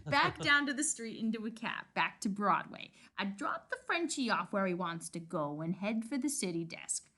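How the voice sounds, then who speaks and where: A woman co-hosting a casual read-aloud of a novel, animated and chatty with lots of banter. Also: medium pitch, normal speed. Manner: animated, giggly, many restarts. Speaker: book reading co-host.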